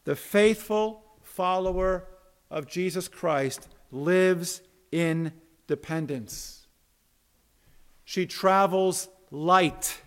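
A man with a fairly high voice delivers a sermon from the pulpit. He preaches emphatically, rising to loud declarations and dropping to quiet asides. He repeats a word now and then as he restarts a thought. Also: very slow, clean tone. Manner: repeats words when restarting. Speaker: pastor.

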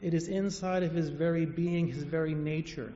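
High-voiced preacher in an echoey hall. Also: male voice, steady tone, normal speed. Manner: emphatic storytelling, phrases dropping soft at the end. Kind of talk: sermon. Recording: echoey hall, dull lo-fi sound.

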